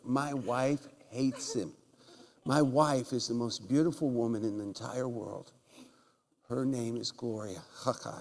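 A man preaching a humorous sermon in a church, telling jokey stories and breaking into loud shouts. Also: medium pitch. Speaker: guest preacher. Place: church sanctuary. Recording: large hall with long reverb.

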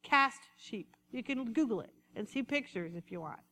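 Woman preacher, lively and conversational; high voice in a reverberant hall. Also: moderate pace. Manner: animated, conversational preaching with acted-out asides. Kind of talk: sermon.

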